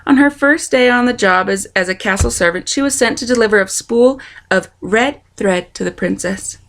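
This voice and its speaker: A woman reading a children's novel aloud, expressive and speaking to the listener. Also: mid-range voice, normal speed, vocal fry, a little hiss or hum. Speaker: storytime reader.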